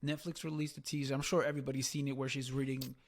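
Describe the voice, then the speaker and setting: A man co-hosting a podcast recaps a show in a rambling, casual review chat full of fillers. He has a mid-range voice with a level tone and a quick pace.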